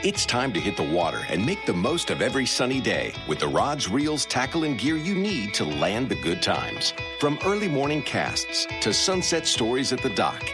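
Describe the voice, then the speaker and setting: Lively male ad voice-over over guitar. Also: mid-range voice, normal speed, hardly any pauses. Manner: upbeat, lively ad read. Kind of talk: radio ad voice-over.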